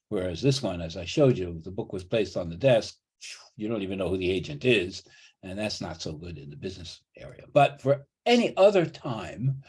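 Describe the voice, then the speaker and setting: A man's voice: lowish voice, darkish tone, husky. A man teaching a college English class over a video call, explaining patiently and often restarting and repeating his phrases. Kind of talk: online class lecture.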